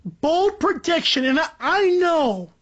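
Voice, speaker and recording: Young man, podcast host, high-pitched, animated, rambling, joking, dull lo-fi recording. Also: slow pace. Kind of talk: solo sports podcast rant.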